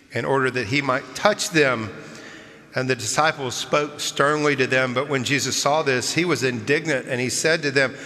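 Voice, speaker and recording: Male pastor, bright clear voice, storytelling sermon, long church reverb. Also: medium pitch. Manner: warm storytelling with chuckles, then earnest preaching. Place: large church sanctuary.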